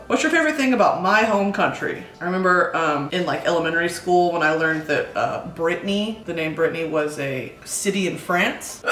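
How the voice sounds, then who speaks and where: A woman's voice: fairly low pitch, fairly bright tone. A young woman chatting through a cooking vlog in an exaggerated mock English accent, cheeky and a little profane, giggling at herself. Her voice carries the echo of a roomy home kitchen, picked up by a mic set back from her. A faint hiss of ambience sits underneath. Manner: giggly, self-mocking asides. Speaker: host. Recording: echoey room, mic at a distance.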